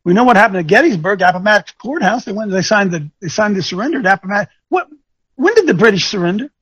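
A man coaching an audience, speaking in an animated, teasing way that quizzes listeners with questions and thinks aloud. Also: high voice, fast talker, slightly rough, no room sound, lo-fi sound. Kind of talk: lecturing talk with rhetorical questions.

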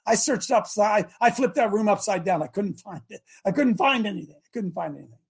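Male talk-radio host, fiery and repetitive, high voice. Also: expressive, brisk, vocal fry, husky. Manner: impassioned, repetitive, shouting at times. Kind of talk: fiery call-in talk show rant. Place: studio in Ohio.

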